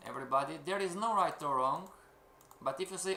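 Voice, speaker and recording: A man's voice: on the high side, a little fast, bright, forceful tone, echoey room, slight background noise. A man teaching a live-streamed trading lecture in English, which is not his first language. He keeps asking rhetorical questions and calling out to everybody. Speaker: trading course instructor.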